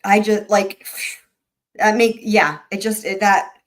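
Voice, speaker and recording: A woman hosting a live-stream recap, chatting excitedly and rambling with lots of restarts. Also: medium pitch, slow. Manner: addresses viewers directly as y'all. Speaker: YouTube trial-recap host. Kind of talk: live-stream chat with viewers.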